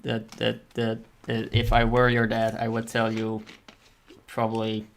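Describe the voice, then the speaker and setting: A man hosts a livestream and chats casually while drawing. His voice is low-pitched and stays fairly flat. He rambles, corrects himself mid-thought and swears now and then. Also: unhurried, creaky, noisy background. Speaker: livestream host.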